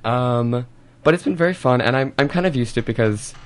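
A teenage boy, a high school actor, answering earnestly in an interview. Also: fairly quick. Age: teens. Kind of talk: casual interview talk.

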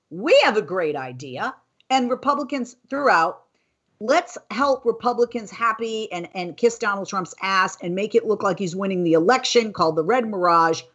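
A woman hosting a news podcast with a slightly breathy, airy voice. She talks in an animated, indignant way, reading quotes aloud and then going off script to argue her point. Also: mid-range voice. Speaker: host.

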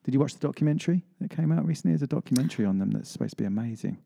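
A man hosting a radio show and chatting casually with his guest, quick with interjections. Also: mid-range voice, lively intonation, creaky, dark tone.

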